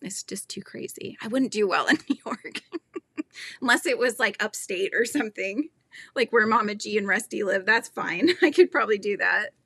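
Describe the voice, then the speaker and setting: A woman's voice: medium pitch, animated, moderate pace, vocal fry, pushed and bright, breathy edge, no room sound, clean studio sound. A middle-aged woman hosting a casual livestream chat, laughing often and reading out viewers' comments. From Northern California. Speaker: host.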